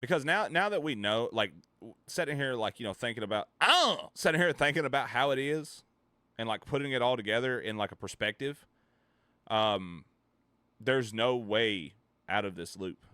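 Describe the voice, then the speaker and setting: A man's voice: lowish voice, moderate pace, clean tone, dry recording. A man streaming live, rambling and ranting profanely while reacting to chat. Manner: rambling, profane, reads chat and riffs loudly.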